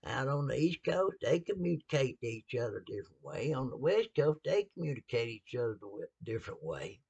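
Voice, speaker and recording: A Southern man speaks in a casual, preachy style, folksy and blunt, dropping laughing asides as he talks. His voice is gravelly and a bit husky, and his pitch swings around animatedly. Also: big pitch swings, fairly quick, a little mellow. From American South. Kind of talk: casual sermon-style talk.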